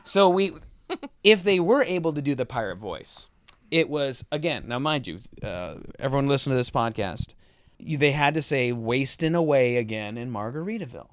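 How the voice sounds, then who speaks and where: A man's voice: medium pitch, moderate pace, smooth, no echo, studio quality. A man co-hosting a casual podcast chat, telling stories animatedly and acting out quotes. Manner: animated storyteller, acts out quotes. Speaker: podcast co-host, tour roadie.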